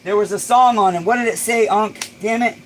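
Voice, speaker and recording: A man hosting a casual livestream, excitable and swearing freely, bursting into shouts. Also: high voice, a little fast, a little hiss or hum, poor audio. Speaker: livestream host.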